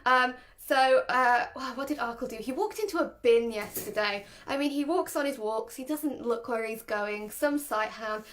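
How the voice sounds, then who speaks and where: A young woman explains handling a nervous dog in an easygoing, talkative way. Her voice sits high and bright in pitch, and she laughs easily between points. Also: moderate pace, hardly any pauses, a little hiss or hum. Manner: chatty, laughs often, demonstrates voices. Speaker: dog trainer. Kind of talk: casual explanatory talk to camera.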